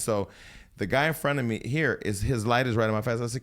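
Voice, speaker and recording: A man's voice: medium pitch, quick pace, fairly bright tone. A man hosting a casual talk show, telling a long personal story with lots of swearing and acted-out quotes. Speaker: host.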